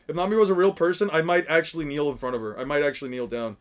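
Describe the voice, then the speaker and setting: A man giving casual, excitable commentary while reacting to an anime, laughing and swearing as he talks. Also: a little high, fast.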